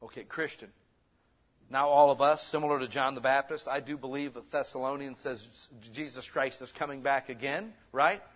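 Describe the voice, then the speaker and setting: A man preaching a sermon as pastor, conversational and lively, swinging between loud bursts and soft asides. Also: mid-range voice, normal speed.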